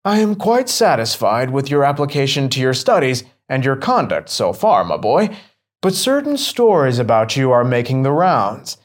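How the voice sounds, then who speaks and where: A man's voice: mid-range voice, big pitch swings, normal speed. A man voicing a learned, prudent older priest who questions with courteous severity. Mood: stern, probing. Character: learned older male priest, stern then indignant.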